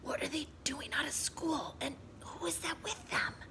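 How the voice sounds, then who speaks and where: A storybook schoolteacher with a scratchy voice, put on by a woman reader in whispered role-play. The voice is a soft, raspy whisper, pitched a little higher than the narration. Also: fairly even intonation, moderate pace, full character voice. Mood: shocked. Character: sick woman teacher with a scratchy voice.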